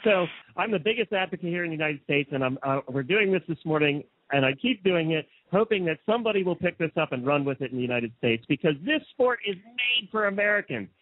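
A man's voice: a little high, lively intonation, fast, hardly any pauses. A man hosting a casual radio interview, chatty and enthusiastic as he tells stories. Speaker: show host. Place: Lexington area, United States. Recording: dry, phone-like narrow sound.

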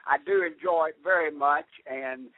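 An older man with a Southern American accent, calling in and chatting in a folksy, halting way. His voice sits a little high. The line is dry, tinny and phone-like. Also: no room sound. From Southern United States. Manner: folksy, halting, with many restarts. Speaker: caller. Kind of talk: casual call-in chat.

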